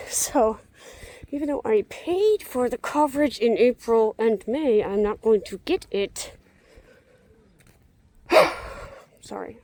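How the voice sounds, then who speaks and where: A woman's voice: mid-range voice, warm tone. A young woman vlogging as she walks outdoors, rambling with wry muttered asides, tired and a little out of breath. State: tired and a bit out of breath from walking. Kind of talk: rambling walk-and-talk vlog. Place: outdoors walking through a zoo.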